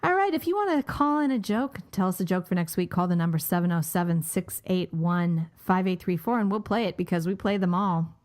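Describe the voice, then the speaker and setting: A woman hosting a podcast, animated and laughing easily as she tells a long joke. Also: fairly low pitch, a little fast, hardly any pauses. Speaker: podcast host. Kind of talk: casual chat and joke telling.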